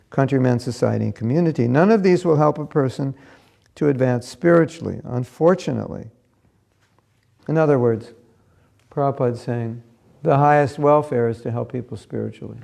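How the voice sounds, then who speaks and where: Gravelly-voiced man giving a scripture class. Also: medium pitch, mellow. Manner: conversational, storytelling, asks listeners questions. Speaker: class speaker.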